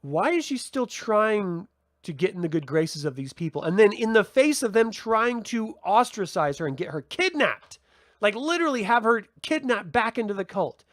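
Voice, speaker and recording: A man talks through a TV episode review on his own channel in a loose, chatty way. He rambles and restarts, filling pauses with ums. His voice sits a little high and the sound is dry and close. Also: sing-song, fairly bright tone, no echo. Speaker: TV review host. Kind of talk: casual solo review talk.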